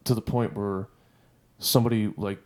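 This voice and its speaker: A man's voice: lowish voice, steady tone, moderate pace, a little mellow. A man in his twenties, a podcast co-host, telling a story in casual, profane, rambling chat.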